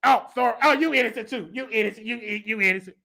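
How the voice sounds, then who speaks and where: A man's voice: very high-pitched, fast, vocal fry, sharp tone, heavily acted. A man putting on the voice of a whiny, fawning grown man to mock him. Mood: simpering.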